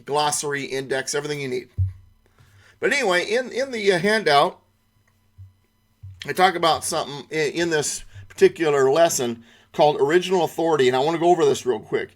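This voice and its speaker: A man's voice: fairly high pitch, expressive, fairly quick, faint music behind. A middle-aged man teaching an online constitution class, stressing key words and asking rhetorical questions. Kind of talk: online lesson lecture.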